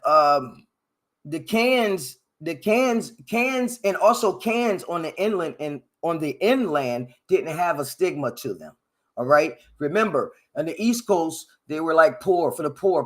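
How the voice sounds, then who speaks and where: A man talks through a history topic on his own, wandering into tangents and correcting himself as he goes. His voice sits a little high, and he swings between low mutters and loud, lively bursts. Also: normal speed. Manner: rambling, self-correcting, joking asides; loud animated bursts, sound-effect "ding" noises. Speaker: podcast host. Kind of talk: unscripted solo history commentary. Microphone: headphones and desk mic.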